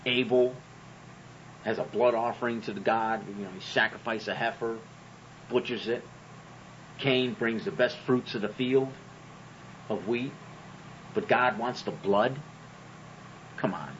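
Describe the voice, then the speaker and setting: A sarcastic, profane man delivers a comedic monologue, firing off rhetorical questions in a middle-pitched voice. The recording is dull, with a faint hiss underneath. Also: measured pace, long pauses. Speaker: host.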